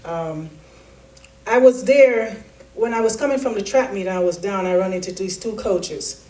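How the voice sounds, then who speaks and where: A keynote speaker delivers a motivational speech, animatedly acting out the voices and quotes in her story. Her medium-pitched voice moves at a moderate pace, captured from a distant mic with a large hall echoing around her.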